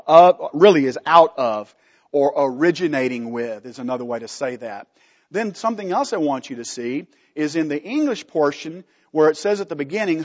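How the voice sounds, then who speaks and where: A man's voice: a little high, long reverb tail, lo-fi sound. Emphatic man teaching a Bible lesson. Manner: emphatic, asks questions and answers them. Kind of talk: Bible study lecture with slides.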